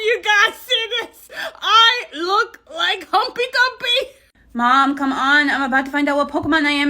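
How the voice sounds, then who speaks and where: A woman's voice: high voice, sharp tone, full character voice. A woman voicing a blunt, bossy six-year-old child in a comedy sketch. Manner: bossy, blunt, self-important. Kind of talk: comedy sketch character monologue.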